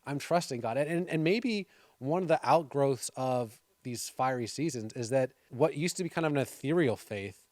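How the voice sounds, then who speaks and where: A man of medium pitch hosts a faith-based interview show. He talks conversationally, with playful banter and easy restarts. His voice sounds close and dry. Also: animated, normal speed, a little mellow, no room sound. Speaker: TV show host. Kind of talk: casual interview chat.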